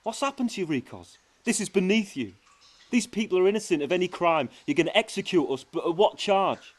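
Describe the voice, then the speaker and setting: A man voicing a calm, clever, dryly witty time traveller in an audio drama. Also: sits high, a little fast. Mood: earnest. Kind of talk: fan audio drama acting.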